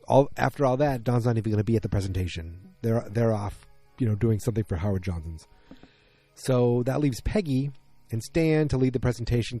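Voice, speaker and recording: A man with a fairly low, mellow voice rambles through an offhand recap of a TV episode. He is from Massachusetts, drops into quick put-on voices for the characters' lines, and has faint music playing behind him. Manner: rambling, acts out quotes in little voices. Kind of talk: casual recap monologue.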